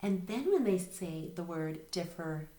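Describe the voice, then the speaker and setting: A woman's voice: on the low side, darkish tone. Patient woman teacher in a roomy echo. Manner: patient, spells words slowly letter by letter. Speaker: reading intervention teacher. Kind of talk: recorded video lesson.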